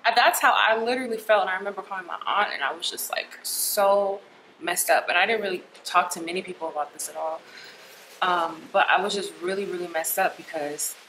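A woman's voice: on the low side, background noise. A young woman, retelling a personal experience in a conversational, emotional way with many fillers. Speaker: vlogger. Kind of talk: personal storytelling.

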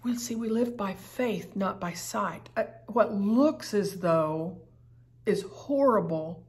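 A woman's voice: medium pitch, takes it slowly, darkish tone. A woman teaching a daily Bible study in an earnest, emphatic way, often repeating her phrases. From United States.

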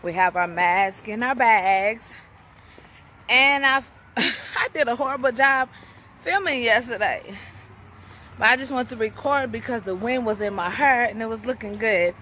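A woman's voice: fairly high pitch, measured pace, pushed and bright, a little hiss or hum. Chatty woman vlogging. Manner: chatty, laughs often, addresses viewers as y'all. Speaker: vlogger, mother. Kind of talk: casual vlog chat to camera. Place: outdoors and in a car, sunny day.

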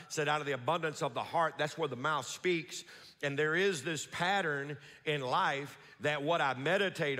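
Bright-voiced preaching pastor in a reverberant church. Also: male voice, a little high. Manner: preaching with call-and-response, slow emphatic repetitions. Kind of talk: sermon. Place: large church sanctuary. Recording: long hall reverb.

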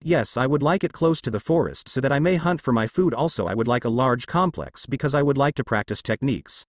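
A man's voice: medium pitch, lively intonation, a little fast, no echo, studio quality, natural voice. A man voicing a brash, defiant young male ninja in a fan fiction reading, with blunt delivery. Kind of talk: fan fiction read-aloud.

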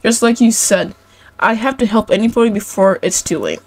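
A woman's voice: medium pitch, moderate pace, darkish tone, husky, natural voice. A woman reading the lines of a determined little pony filly in an urgent, insistent voice.

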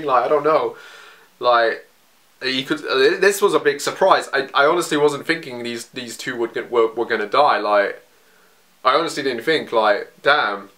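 Emotional guy rambling through a manga reaction on his phone, bright edgy voice. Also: medium pitch. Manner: excitable, rambling, full of fillers and restarts. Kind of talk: casual reaction commentary.

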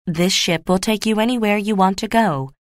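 A woman's voice: mid-range voice, normal speed, no room sound, clean studio sound, lightly acted. A woman reading the lines of an earnest, devoted young male guard.

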